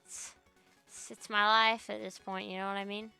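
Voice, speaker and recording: A woman's voice: medium pitch, flat delivery, moderate pace, creaky, sharp tone, smooth, faint music behind. A young woman streaming as a VTuber from her home computer, chatting casually in a rambling, profane, ranting way. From Australia. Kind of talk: casual livestream chat.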